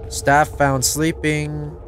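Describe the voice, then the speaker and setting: A man giving casual let's-play commentary, excitable, talking to himself and swearing, with sudden yelps of surprise. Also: a little high, drawn-out words, faint music behind. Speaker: gameplay commentator.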